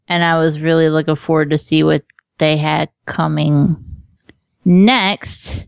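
Woman co-host, loose and giggly, lower voice, dry slightly lo-fi home audio. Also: steady tone, takes it slowly, creaky, smooth, no room sound. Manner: chatty, laughs often, swears casually. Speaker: podcast co-host. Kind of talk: casual chat.

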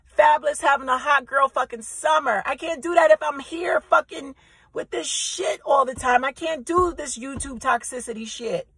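A woman's voice: high voice, bright, forceful tone, dry recording, poor audio. A woman content creator ranting straight to her viewers in a brash, profane, emphatic way, often repeating herself. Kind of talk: direct-to-camera vlog rant.

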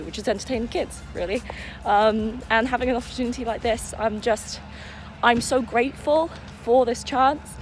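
Young woman, bubbly chatty vlog, fairly high voice, outdoor festival, handheld camera, clear music behind. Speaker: vlogger and children's entertainer. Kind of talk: casual vlog. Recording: music playing in the background.

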